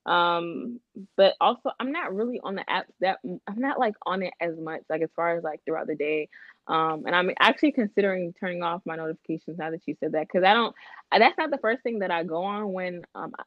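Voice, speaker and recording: A woman's voice: fairly quick, no echo. A young woman in casual podcast chat, telling a dating story and acting out the other people's lines. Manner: animated storyteller, acts out quotes with big pitch jumps. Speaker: podcast co-host. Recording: dull, slightly lo-fi, dry.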